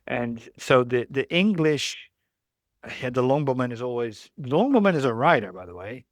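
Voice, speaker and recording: A man's voice: mid-range voice, animated, normal speed, no echo. Man explaining history, dry close sound. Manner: thoughtful, rambling with restarts. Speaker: guest, historical riding expert. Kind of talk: conversational explanation.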